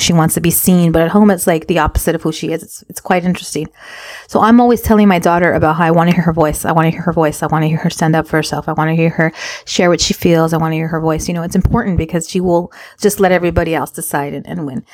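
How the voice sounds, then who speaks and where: A woman's voice: fairly low pitch, no echo. A woman in her forties co-hosting a candid podcast chat, telling stories with emphasis and acting out her family's lines. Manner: animated storytelling, acts out her own and her kids' lines; emphatic, repeats phrases for stress. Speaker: podcast co-host.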